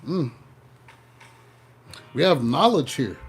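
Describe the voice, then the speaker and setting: A man giving a casual tarot reading, playful and animated, breaking into joking mock voices. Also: mid-range voice, slow, husky. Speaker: tarot reader.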